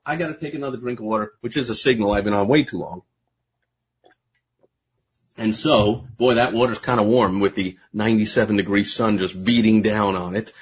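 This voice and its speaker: Husky-voiced man ranting outdoors. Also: lowish voice, a little fast. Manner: animated, swings between loud outbursts and quiet asides. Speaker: livestream host. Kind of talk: casual live-video rant. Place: outdoor terrace by a pool.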